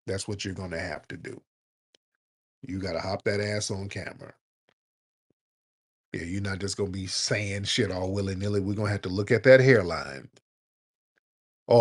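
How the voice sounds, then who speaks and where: Man, talk-room host, late-night call-in, slightly low voice, blunt, joking, slangy. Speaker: host of a live audio chat room.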